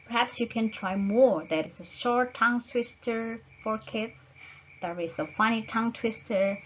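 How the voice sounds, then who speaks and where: A woman teaching an online lecture, slowly searching for words with frequent fillers. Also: fairly high pitch, muffled recording, slight background noise.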